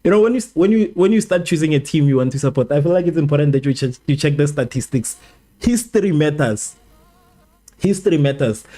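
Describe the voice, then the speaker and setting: Animated man hosting a stream. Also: on the high side. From South Africa. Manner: animated, repetitive, joking with chat. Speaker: live stream host. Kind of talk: casual match watchalong commentary.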